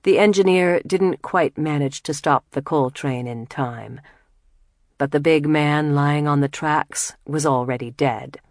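A woman reading a novel aloud as an audiobook narrator, in a measured, soft, steady way. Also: sits low, dry recording, studio quality. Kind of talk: scripted narration.

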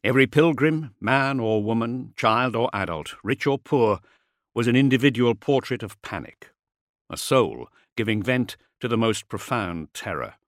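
A man's voice: normal speed, no room sound. A man reading a novel aloud as a dramatic audiobook narrator on a close studio mic. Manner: dramatic, with lively pitch swings.

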